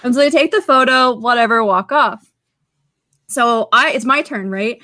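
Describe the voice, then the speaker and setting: Chatty higher-voiced woman podcaster. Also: normal speed, dry recording. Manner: excitable and chatty, strings stories together with "like". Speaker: podcast co-host. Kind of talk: casual podcast chat.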